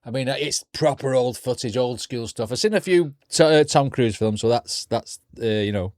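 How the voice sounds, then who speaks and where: A man's voice: mid-range voice, moderate pace, darkish tone, dry recording, studio quality. A man hosting a reaction video, chatting casually and rambling while he hunts for names.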